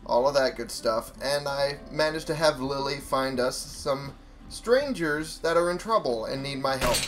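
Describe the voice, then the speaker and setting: A man's voice: medium pitch, a bit bright. A young man casually commenting on a video game he is playing, talking to his viewers and swearing freely. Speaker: gaming YouTuber.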